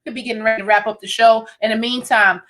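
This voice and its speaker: A woman hosting a call-in talk show, chatty and quick with affirmations. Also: a little high, steady tone, fairly bright tone, rough recording. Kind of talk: casual radio show hosting.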